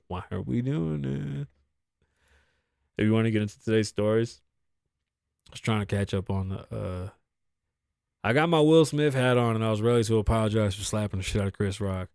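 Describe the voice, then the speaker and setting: A man's voice: mid-range voice, dry recording. Man, podcast host, casual rambling monologue, lots of swearing, dry close sound. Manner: profane, rambling, animated storytelling.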